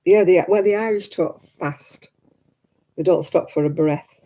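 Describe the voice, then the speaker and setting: Guy chatting on a craft stream, very dark mellow voice, pitched a bit high, laughs a lot. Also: unhurried. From Manchester, England. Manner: chatty, laughs often, reads out viewer comments. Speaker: host of a crafting livestream. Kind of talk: casual chat answering viewers.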